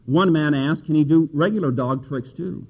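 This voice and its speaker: A man preaching a sermon in a folksy, conversational way, reading scripture aloud and climbing to an emphatic pitch on key verses. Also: normal speed, breathy edge. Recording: tinny phone-like sound.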